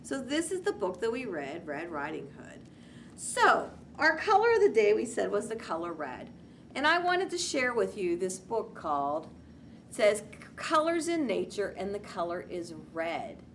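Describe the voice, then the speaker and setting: A woman who teaches preschoolers, reading a storybook aloud and teaching a lesson in a slow, gentle, expressive way. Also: medium pitch, slight background noise.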